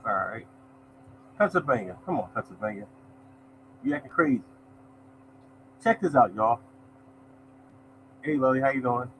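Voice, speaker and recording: A man's voice: mid-range voice, expressive, moderate pace, long pauses, slight background noise, low-quality recording. A man hosting a lottery show, chatting casually as he reads results and greets viewers by name. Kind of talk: casual live-stream chat, reading results.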